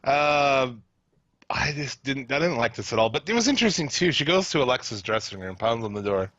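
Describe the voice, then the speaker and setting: A blunt, profane man rants and laughs through casual podcast chat. His voice sits at an everyday middle pitch and comes through dry and slightly dull, like lo-fi stream audio. Nothing sounds polished. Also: animated, brisk, a bit bright, no echo. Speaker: podcast co-host.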